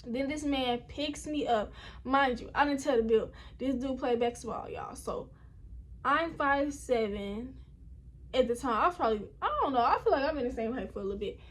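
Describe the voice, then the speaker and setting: A woman's voice: high voice, moderate pace. A young woman telling a personal story at home in a casual, rambling way, often talking straight to her viewers. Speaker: vlogger. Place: indoors at home.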